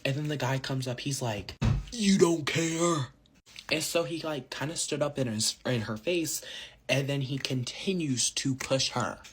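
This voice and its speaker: A man's voice: medium pitch, normal speed, a bit bright, breathy edge. A man telling a casual storytime to his followers, slangy and rambling, full of fillers. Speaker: social media storyteller.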